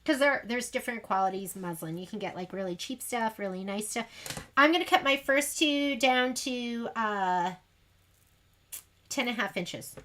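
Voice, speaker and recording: A woman's voice: on the high side, lively intonation, normal speed, bright, forceful tone. A woman hosting a sewing livestream, chatting casually and rambling while she demonstrates. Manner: chatty, rambling, self-deprecating. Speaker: sewing shop livestream host.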